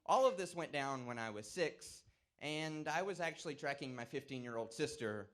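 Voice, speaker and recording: A man with a mid-pitched voice delivers a prepared campaign speech. He tells his story dramatically, building suspense and then speaking up. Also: lively intonation, moderate pace, fairly bright tone. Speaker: 4-H council candidate.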